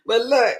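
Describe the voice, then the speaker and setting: This is the host of her own cooking show, a Louisiana woman with a New Orleans accent. She keeps up relaxed, chatty talk aimed right at her viewers as she cooks.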